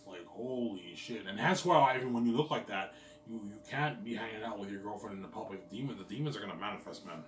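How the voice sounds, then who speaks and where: Male vlogger, deep-ish voice, rambling profane monologue; roomy echo, faint ambient noise. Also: fast, far from the mic. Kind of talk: casual rambling monologue to viewers.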